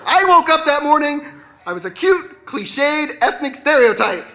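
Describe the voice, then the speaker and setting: A man in his forties works through a self-deprecating stand-up set on stage, loose and conversational, with casual swearing. His voice is bright and forward. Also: very high voice, big pitch swings, a little slow. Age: 40s. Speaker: stand-up comedian. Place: stage at an arts center.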